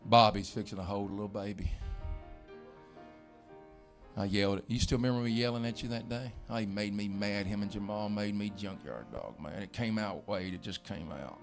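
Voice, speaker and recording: A man's voice: fairly low pitch, moderate pace, gravelly, soft background music. A male pastor, preaching a sermon in a church with folksy storytelling. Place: church sanctuary.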